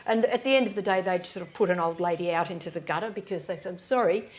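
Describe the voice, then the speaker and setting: A woman's voice: on the low side, fast, a little hiss or hum. A woman, an author on a live panel, telling stories and acting out the voices of people in them. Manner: lively anecdotes, acting out voices with frequent restarts. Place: live event stage.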